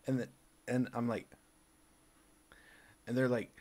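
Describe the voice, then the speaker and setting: A man's voice: medium pitch, steady tone, unhurried, pauses often. A man telling a rambling comic story, acting out both sides of each exchange in exaggerated voices and laughing at his own tale. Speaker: video creator.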